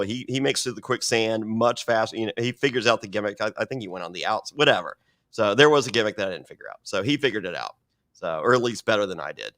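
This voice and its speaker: A man's voice: lowish voice, a bit bright. Profane rambling man telling stories. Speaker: podcast guest. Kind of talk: casual storytelling.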